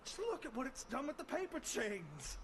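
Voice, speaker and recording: A man's voice: extremely high pitch, wildly swooping pitch, normal speed, fairly bright tone, slight background noise, full character voice. A man voicing a jittery, folksy southern man who is scared of bugs, talking in an exclamatory drawl with a Southern US accent. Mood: flustered.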